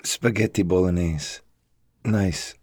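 A man voicing a menacing, resentful male betrayer who speaks low and controlled with quiet bitterness. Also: takes it slowly, breathy edge, no room sound, clean studio sound, full character voice. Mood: casual.

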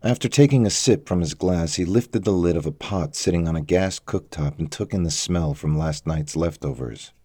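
A man narrating a thriller story in a measured, even storytelling manner. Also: low-pitched, slightly rough, dry recording. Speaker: audiobook narrator.

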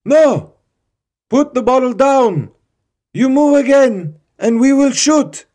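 A man voicing a stern French museum guard who barks out shouted commands. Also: mid-range voice, sing-song, takes it slowly, pitched above the performer's own voice. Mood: shouting commands.

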